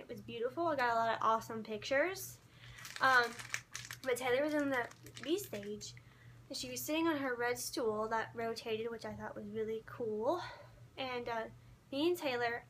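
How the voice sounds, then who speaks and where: A woman telling a concert story to her camera in an excited, gushing, starstruck way. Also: a little high, a little hiss or hum.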